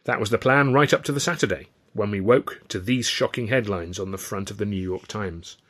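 Man, low voice, wry measured first-person novel reading. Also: fairly bright tone. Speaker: author and reader.

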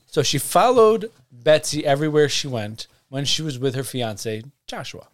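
A man's voice: fairly high pitch, big pitch swings, normal speed, few pauses. A man co-hosting a podcast, telling a folklore story in a joking, profane, playful way. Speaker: podcast co-host. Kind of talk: casual comedic chat.

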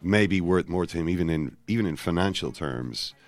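A man co-hosting a casual football podcast, talking in rambling, self-interrupting runs with animated asides. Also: sits low, moderate pace, dry recording. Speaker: podcast co-host.

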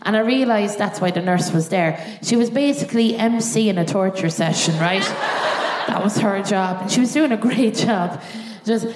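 A woman doing a live stand-up set, telling an animated story and laughing through her punchlines. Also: mid-range voice, normal speed. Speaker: stand-up comedian. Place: large theatre stage. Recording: echoey theatre, audience laughter.

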